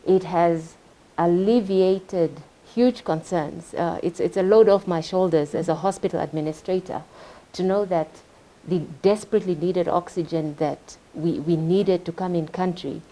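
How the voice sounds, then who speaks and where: A woman, a hospital administrator on a panel, speaking emotionally and haltingly with repeated words. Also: fairly low pitch, mellow. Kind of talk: panel discussion.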